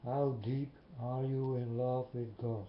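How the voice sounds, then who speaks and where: Man talking very slowly and earnestly straight to camera, muffled echoey recording. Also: mid-range voice, level tone. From Netherlands. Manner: slow, repetitive, earnest questioning. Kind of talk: slow earnest monologue to viewers. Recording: muffled, echoey room with faint hiss.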